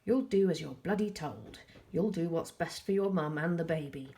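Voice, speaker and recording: A woman reading a story, voicing an angry, frightened father who shouts and then turns tender. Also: lowish voice, fairly quick, creaky. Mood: furious. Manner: loud, raised and strained.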